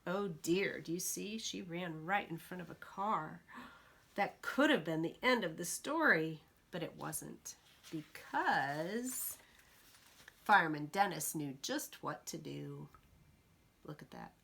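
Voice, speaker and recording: A woman librarian reading a picture book aloud to preschoolers, slow and expressive, pausing to ask the children questions. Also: on the low side, vocal fry, husky.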